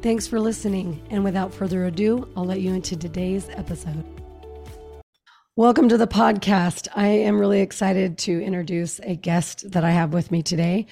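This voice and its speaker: A woman hosting a podcast, asking questions in a relaxed way with hesitant fillers. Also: medium pitch, moderate pace, creaky, faint music behind. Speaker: podcast host. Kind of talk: casual interview.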